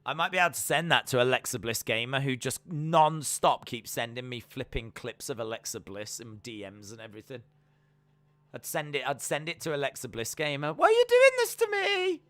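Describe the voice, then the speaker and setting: A man's voice: medium pitch, fairly quick, a bit bright, no room sound. A man chatting casually on a live reaction stream, repeating himself often as he talks. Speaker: streamer hosting a watch-along.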